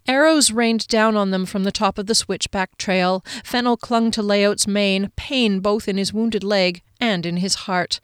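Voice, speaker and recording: Female audiobook narrator, expressive dramatic read, smooth clear tone, dry close sound. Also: medium pitch, moderate pace, hardly any pauses, no echo. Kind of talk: scripted narration.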